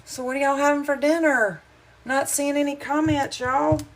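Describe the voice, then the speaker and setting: A woman's voice: high-pitched, steady tone, moderate pace, poor audio. A middle-aged woman with a Southern American accent, chatting with viewers on a casual cooking livestream, homey and rambling, a little wheezy from hay fever. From Southern United States. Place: home kitchen.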